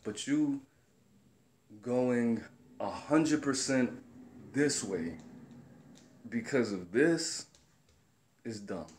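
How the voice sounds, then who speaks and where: A man's voice: medium pitch, animated, extremely slow, pauses often, a little mellow, slight background noise. A young man from the Chicago area, talking casually and bluntly to camera, profane and rambling as he tells stories. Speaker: commentator.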